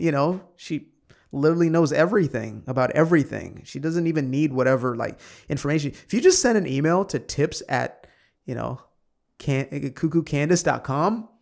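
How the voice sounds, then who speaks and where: Sarcastic male commentator with gravelly voice. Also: fairly high pitch. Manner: sarcastic asides, quick offhand remarks. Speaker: online commentator. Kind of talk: reading an article aloud and commenting.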